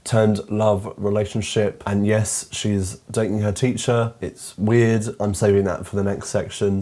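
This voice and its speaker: Chatty British guy with a mellow low voice. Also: little pitch movement, a little slow, hardly any pauses. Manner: chatty, amused, heavy on fillers. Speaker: film reviewer. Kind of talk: casual comedic film review.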